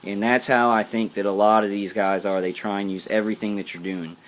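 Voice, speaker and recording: Low-voiced man rambling earnestly. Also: level tone, a little fast, slight background noise. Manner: rambling, earnest, frequent restarts and asides. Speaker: vlogger. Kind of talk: casual monologue to viewers.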